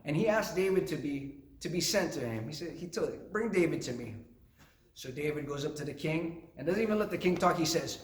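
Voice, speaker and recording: A man's voice: on the high side, animated, fast, hardly any pauses, roomy sound. A man, a youth minister, telling a Bible story to young people with playful jokey asides.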